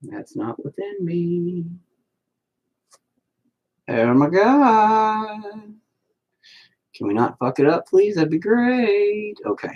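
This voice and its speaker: A man's voice: high-pitched, lively intonation, a little slow, few pauses, mellow, highs cut off, a little hiss or hum. A man ranting in a profane, rambling way while painting in a casual vlog at home. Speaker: vlogger.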